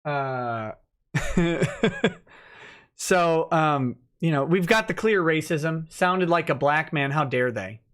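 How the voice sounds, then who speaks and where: A man's voice: a little high, extremely slow, long pauses, a bit bright, clean tone. A man hosting a casual livestream, reading documents aloud and breaking in with sarcastic, mocking asides.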